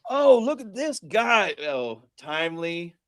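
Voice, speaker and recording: A man hosting a casual livestream, excitable and swearing as he banters and hypes up guests. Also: high-pitched, takes it slowly, no room sound, clean studio sound. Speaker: livestream host.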